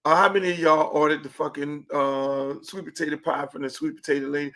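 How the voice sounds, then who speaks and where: A middle-aged man with a Miami accent hosting a casual livestream podcast, profane and joking, swinging between booming and hushed talk. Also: fairly even intonation, a little fast. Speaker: podcast host.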